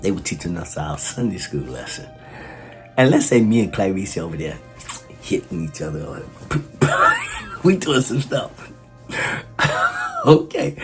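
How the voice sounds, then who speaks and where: A man's voice: low-pitched, very animated, a little slow, pauses often, over a noisy crowd. A man, telling a personal story and laughing often. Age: 60s. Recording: guitar music underneath. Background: guitar music.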